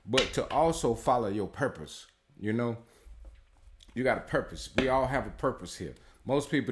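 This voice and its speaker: A man in a casual spiritual advice talk as a tarot reader, blunt and heavily profane, rambling and repeating himself with lots of fillers. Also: medium pitch.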